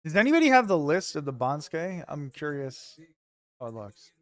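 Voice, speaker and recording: A man's voice: fairly high pitch, very animated, moderate pace, no echo. A man streaming from home, chatting loosely with his viewers, joking and swearing casually. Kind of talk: casual chat with live viewers.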